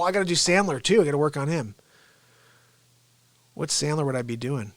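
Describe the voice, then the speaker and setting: A man hosting a casual livestream, talking in rambling quick asides. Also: on the high side, expressive, dry recording. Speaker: host and impressionist.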